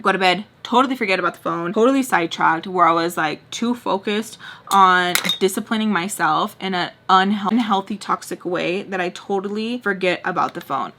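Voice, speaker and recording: A woman's voice: mid-range voice, bright, forceful tone. A young woman telling a casual storytime, chatty and full of "like", acting out her own thoughts. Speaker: storytime vlogger.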